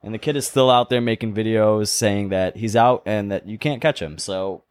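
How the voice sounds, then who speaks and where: A man's voice: on the low side, normal speed, smooth, no echo. A man co-hosting a casual podcast, telling a news story and reviewing a cigar, laughing often. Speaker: podcast co-host. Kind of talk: casual chat.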